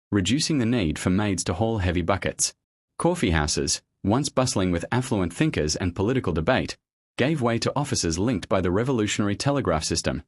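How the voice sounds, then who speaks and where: A man giving scripted documentary narration in a measured, steady storytelling delivery. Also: fairly low pitch, no room sound, clean studio sound.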